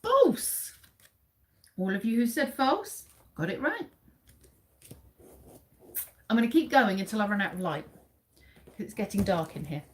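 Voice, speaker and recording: A woman in her forties from England runs a casual live quiz from a dim room at home. She reads out facts and chats with viewers by name, and her pitch rises and falls a lot as she talks. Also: expressive, normal speed, pauses often, a little hiss or hum. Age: 40s. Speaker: livestream host.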